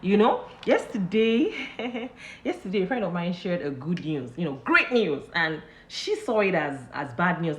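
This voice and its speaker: This woman's fairly low voice swings widely in pitch as she hosts a live motivational talk at a measured pace, with reverb in the room. She's chatty and repetitive, full of "you know" fillers, and laughs often while recounting her stories.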